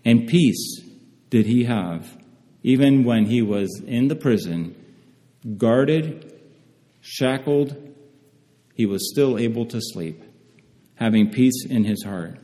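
A man delivering a sermon in a mellow, dark-toned voice, reading scripture slowly with careful emphasis. He often pauses and restarts his phrases. His voice rings with a long hall reverb. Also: medium pitch. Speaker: preacher.

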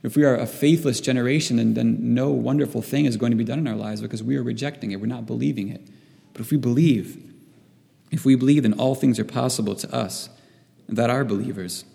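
A man's voice: mid-range voice, a little fast, vocal fry, dark tone. A man preaching a sermon to his church. He halts often and repeats words while he searches for the right phrasing. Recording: long reverb in a hall.

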